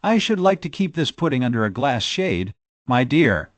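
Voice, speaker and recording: A man reading an audiobook, voicing a gentle, refined elderly spinster lady with a soft, genteel manner. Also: medium pitch, sing-song, normal speed, no echo, natural voice. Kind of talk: audiobook character voice.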